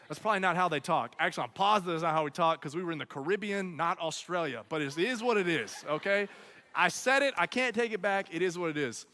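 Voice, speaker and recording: High, bright man telling a comic story. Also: fast. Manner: animated, tags lines with "okay?" and "right?". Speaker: speaker at a student event. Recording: long hall reverb.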